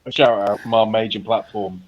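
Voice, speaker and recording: A man's voice: on the low side, fairly even intonation, moderate pace, lo-fi sound. A man co-hosting a casual podcast chat, teasing and joking and swearing freely. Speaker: podcast co-host.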